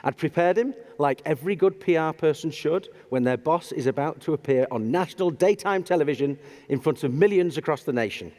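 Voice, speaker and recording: Man telling a funny story on stage, lively pitch, self-deprecating, big echoey hall. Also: fairly quick. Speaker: public speaker. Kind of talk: humorous storytelling talk. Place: large auditorium stage. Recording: long hall reverb.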